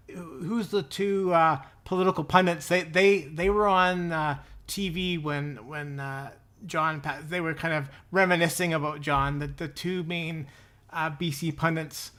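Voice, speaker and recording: Male co-host, slightly high pitch, casual and hesitant, trails off mid-thought. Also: a bit bright. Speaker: podcast co-host. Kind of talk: casual podcast chat.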